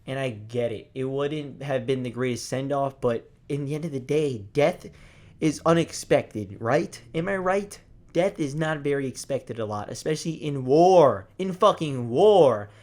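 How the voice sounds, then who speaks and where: A young man giving a casual movie review, excited and profane, rambling with lots of restarts. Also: medium pitch, normal speed.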